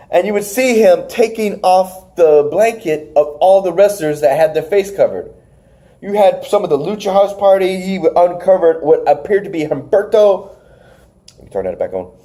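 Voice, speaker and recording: Animated man recapping wrestling. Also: high voice, normal speed. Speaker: podcast host. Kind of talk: casual wrestling review chat.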